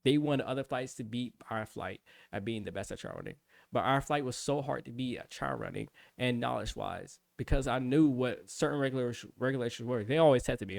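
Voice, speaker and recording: A man's voice: mid-range voice, creaky, a little mellow, dry recording, clean studio sound. A young man casually telling a long story on his livestream, rambling and profane, full of restarts. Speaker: streamer.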